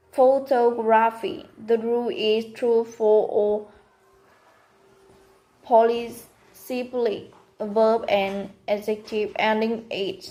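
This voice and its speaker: Slow-reading woman giving a class presentation. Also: a little high, warm tone, poor audio. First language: Vietnamese. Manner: slow, careful, halting reading with pauses between words. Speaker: student presenter.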